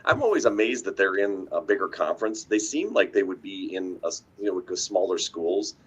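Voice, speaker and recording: A man in casual sports chat, easygoing and rambling, laughing often. His voice sits low with a husky edge. He talks like a coach among friends on a live stream. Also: animated, a little fast, a bit bright. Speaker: coach and podcast co-host.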